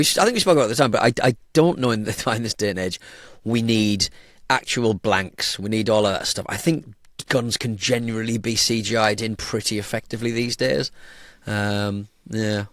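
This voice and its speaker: A man's voice: medium pitch, a little fast, hardly any pauses, a bit bright, no room sound, studio quality. A man with a Hartlepool accent, co-hosting a casual chat, wry and chatty, laughing often and trailing off with ums. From Hartlepool, northern England. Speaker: podcast co-host.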